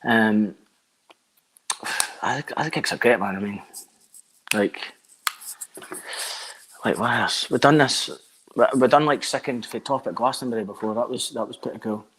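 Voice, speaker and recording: A man's voice: mid-range voice, normal speed, long pauses, a bit bright, slight background noise, rough recording. A Scottish man in his thirties, a band frontman chatting casually as a guest, rambling and swearing with lots of filler words. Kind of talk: casual chat.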